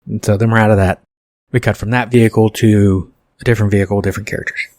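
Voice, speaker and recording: A man's voice: fairly low pitch, steady tone, fast talker, a little mellow, no echo, clean studio sound. A man hosting a podcast, reading his own screenplay and rambling through self-correcting asides about it. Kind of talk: casual podcast commentary on his own script.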